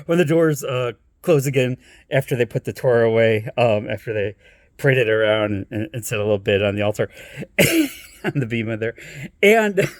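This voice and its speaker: A man's voice: mid-range voice, dry recording, clean studio sound. A man telling a rambling family story in a casual way, laughing often as he talks. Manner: lively and animated.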